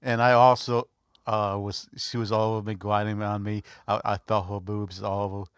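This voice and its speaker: A man's voice: on the low side, flat delivery, moderate pace, clear, resonant tone, no echo, clean studio sound. Hesitant, stammering young man. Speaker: podcast guest. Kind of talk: casual chat.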